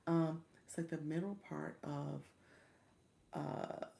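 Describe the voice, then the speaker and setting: A woman's voice: sits low, level tone, takes it slowly, vocal fry, dark tone. A middle-aged woman hosting a casual livestream, coaching viewers, chatting and greeting them by name, often stumbling over how to say their names. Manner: encouraging, coaching tone with repeated "okay?".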